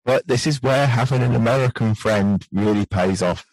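British male podcast host, gentle and unhurried, dry close sound. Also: mid-range voice, dry recording, rough recording. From United Kingdom. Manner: gentle, soft-spoken podcasting voice. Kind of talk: casual podcast chat.

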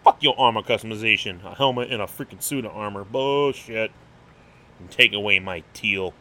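A man's voice: fairly low pitch, moderate pace, bright, forceful tone. A young man hosting an unscripted solo podcast, rambling and getting hyped, swearing freely and stumbling over restarts. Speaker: podcast host.

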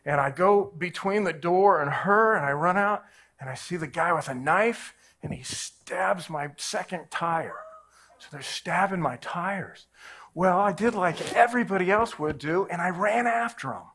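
A man in his forties, a pastor, tells a personal story during a sermon and animatedly performs every voice in it. His voice sits high with a breathy edge, and he takes his time.

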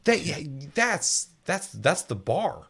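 A man in casual gaming talk, his pitch jumping all over as he rants and swears. He keeps slipping into quick mock voices for the people he quotes. He sounds loose, worked up and playful. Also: creaky, husky. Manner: animated, swears a lot, acts out quoted voices. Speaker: podcast co-host.

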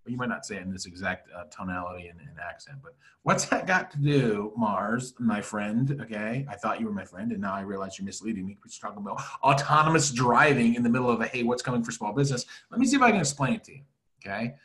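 A man co-hosting a casual business podcast, playful and joking, swinging between loud and quiet. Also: fairly low pitch, animated, rapid-fire. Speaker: podcast co-host.

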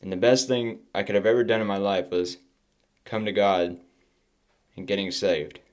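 A man hosting his own podcast, sharing a personal faith testimony in a halting, emotional way with many restarts, close to tears. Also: fairly low pitch, fairly even intonation. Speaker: podcast host.

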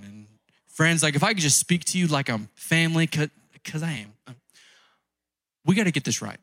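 A man's voice: fairly high pitch, lively intonation, moderate pace, pauses often, fairly bright tone, no room sound. A man preaching a conversational sermon as a pastor, pressing his points by repeating key phrases.

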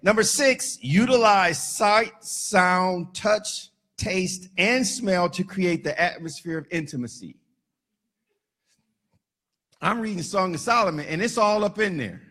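A man preaching a lively sermon in a church, his voice high and ringing bright. He jokes with the congregation, slows down for emphasis and then bursts into shouts. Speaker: pastor.

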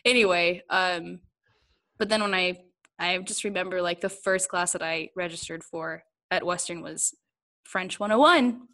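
A young adult woman with a lowish, slightly bright voice speaks unhurriedly as a guest in a casual interview. She's candid, laughs often, and rambles a little while thinking aloud.

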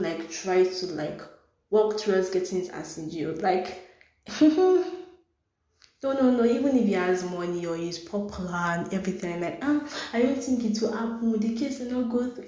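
A woman's voice: mid-range voice, a little mellow. Blunt, sarcastic woman in a roomy space. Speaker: podcast host. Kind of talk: solo podcast chat. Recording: roomy echo.

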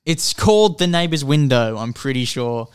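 A man co-hosts a casual podcast, walking through a film's plot in an animated, rambling way. His voice is smooth and clear, recorded close and dry with no room sound. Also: mid-range voice, normal speed, no echo. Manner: rambling, animated storytelling with filler words. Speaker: podcast co-host. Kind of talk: casual film chat.

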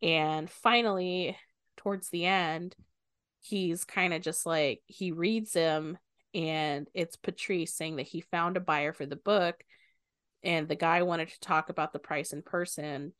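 A woman with a somewhat low voice chats through a book's plot for a podcast, slipping into quick quoted lines and the odd swear word. The sound is dry and close, with little room around it. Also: smooth, dry recording. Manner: animated retelling, quoting characters with bursts of swearing. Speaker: podcast co-host. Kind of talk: casual book discussion.

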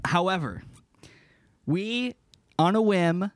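A man's voice: high voice, animated, slow pace, dry recording. A man co-hosting a casual podcast, eager and earnest, steering the talk from topic to topic. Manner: enthusiastic, earnest, leads the segments. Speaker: podcast co-host. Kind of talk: casual chat.

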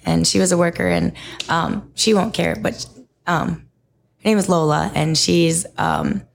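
Low, gravelly-voiced chatty woman. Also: big pitch swings, measured pace, slight background noise. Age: young adult. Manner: rambling, heavy use of "like" and "um". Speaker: guest, fitness instructor and studio owner. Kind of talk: casual conversation.

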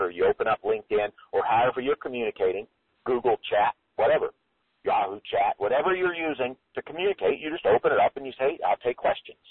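A man giving an energetic, emphatic marketing coaching lecture that swings his pitch up and down for effect. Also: husky, no echo. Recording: phone-line audio.

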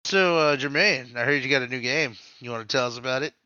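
Man, bright and punchy, jokey podcast host, slightly muffled lo-fi mic. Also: mid-range voice, clean tone, dry recording. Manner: jokey, laughing, quick asides. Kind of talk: casual chat.

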